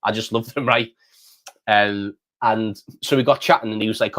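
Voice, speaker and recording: A man's voice: fairly low pitch, brisk, a bit bright. A middle-aged man from the United Kingdom, hosting a casual chat and saying mate often. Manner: chatty, says mate often. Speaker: host.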